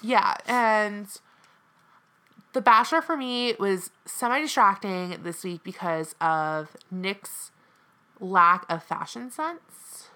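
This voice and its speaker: A woman's voice: mid-range voice, slow pace, bright, forceful tone. A woman co-hosting a casual podcast chat, talking in a chatty, dramatic way with lots of "like.". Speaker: co-host.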